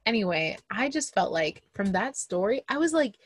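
A young adult woman co-hosting a casual podcast chat, animated and emphatic. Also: mid-range voice, normal speed, no room sound. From Liberian family. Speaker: podcast co-host.

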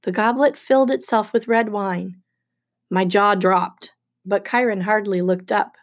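A woman narrating a first-person novel in a steady storytelling voice. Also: medium pitch, a little slow. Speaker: audiobook narrator.

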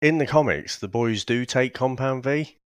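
A man's voice: mid-range voice, moderate pace, clean tone, dry recording. A man with a northern English accent co-hosting a casual review podcast, rambling and swearing freely with lots of restarts. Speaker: podcast co-host.

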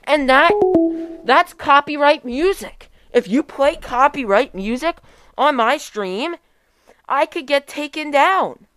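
A woman's voice: high voice, expressive, slow pace, a bit bright, soft background music, exaggerated voice. A woman playing a prudish fifteen-year-old Mormon boy who hosts a call-in podcast, flustered and scolding his callers. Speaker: host of a call-in show. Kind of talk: comedy skit.

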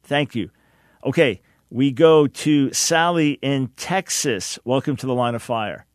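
A man's voice: mid-range voice, measured pace, dry recording, clean studio sound. A man hosting a call-in radio talk show, speaking earnestly and emphatically, often repeating words as he starts a sentence.

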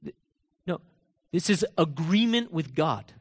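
A man with a notably high voice preaches a sermon, firing off rhetorical questions and pressing each point hard. Now and then he sinks to a low, quiet aside. His voice rings through the long echo of a large church hall. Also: expressive, unhurried, husky.

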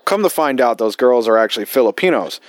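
A man's voice: mid-range voice, lively intonation, quick pace, dry recording. Male vet podcaster, casual swearing storyteller, dry close sound. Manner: profane, rambling, with frequent fillers. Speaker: podcast host, military veteran.

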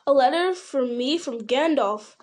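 A woman voicing a wary young male hobbit, speaking slowly and questioningly in an audiobook reading. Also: a little high, fairly even intonation, natural voice. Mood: impatient. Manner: slow, questioning, deliberate.

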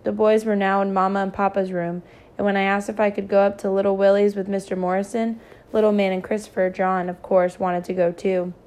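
Woman reading a novel aloud, flat and steady. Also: mid-range voice, brisk. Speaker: reader.

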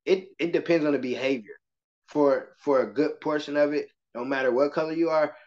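A man who teaches kindergarten, speaking as a guest in a casual interview and telling stories with lively acted-out voices. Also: a little high, a little fast. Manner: animated storytelling, slips into voices of kids and adults. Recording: muffled lo-fi podcast audio.

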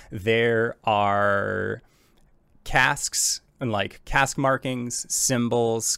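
Male game master, low gravelly voice, unhurried scene-setting narration. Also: dry recording. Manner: relaxed descriptive narration with many fillers.

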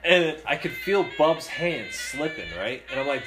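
A young man telling a long, animated story casually, laughing and swearing along the way. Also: fairly high pitch, a little slow, over music. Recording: roomy echo.

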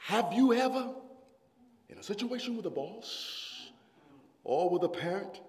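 A man preaching a sermon, rising into shouted, sung-out passages before apologizing and calming down. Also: high-pitched, moderate pace, a crowd in the background. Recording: hall reverb.

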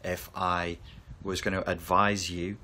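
A man talking to camera as a therapy coach, calm and reassuring as he explains. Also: low voice, slow pace, a little hiss or hum. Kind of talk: reflective talk to camera.

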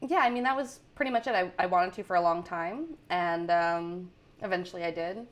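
A woman's voice: fairly low pitch, a little fast. Easygoing young woman guest, giggly. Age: young adult. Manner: easygoing, filler-heavy, giggly. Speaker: guest comedian. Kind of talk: casual chat.

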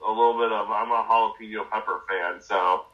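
A man co-hosting a podcast in casual chat, giving relaxed, brief replies. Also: fairly low pitch, a little fast, highs cut off, over a noisy crowd. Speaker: podcast co-host.

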